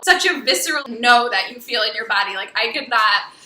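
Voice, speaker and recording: High, bright-voiced chatty woman. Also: animated, brisk, reverberant, rough recording. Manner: chatty, full of "like", acts out quoted voices. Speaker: psychic giving spiritual advice. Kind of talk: casual talk to camera.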